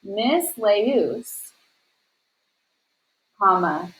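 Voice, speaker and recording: A woman teacher talking her students through a worksheet, patient and methodical. She explains each step plainly and speaks right to the class in a friendly, direct way. Her pitch sits in an ordinary middle range. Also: lively intonation, extremely slow, fairly bright tone, poor audio. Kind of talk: recorded class lesson.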